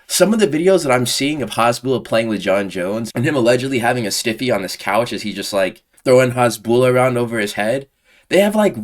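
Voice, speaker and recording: A man giving casual, profane, exasperated commentary on a combat sports fan community, full of slang. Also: medium pitch. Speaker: MMA commentary YouTuber.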